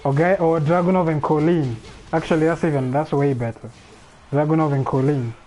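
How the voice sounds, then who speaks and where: A man's voice: on the high side, steady tone, brisk, mellow, faint music behind, low-quality recording. A man hosting a casual livestream alone, thinking aloud in a rambling way with frequent restarts. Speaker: livestream host. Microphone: streaming microphone.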